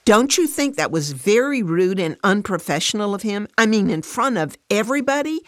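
A woman's voice: on the low side, expressive, unhurried, no echo, pitched above the performer's own voice. A woman voicing an upset working mother who turns defensive and sarcastic, close to tears.

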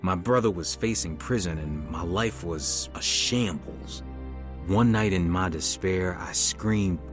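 A middle-aged man calmly narrating his own life story as a testimony. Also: low voice, slow. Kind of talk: testimony narration over music. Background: music.

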